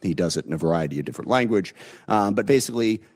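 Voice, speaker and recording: A man speaking at a congressional hearing, measured and critical, with sarcastic asides, played back on a stream. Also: lowish voice, lively intonation, darkish tone. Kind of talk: hearing remarks.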